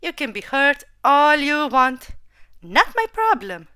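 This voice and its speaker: A woman's voice: sits high, sing-song, takes it slowly, pushed and bright, no echo, clean studio sound, pitched above the performer's own voice, exaggerated voice. A woman voicing an arrogant, dismissive male titan robot champion in a read-aloud story.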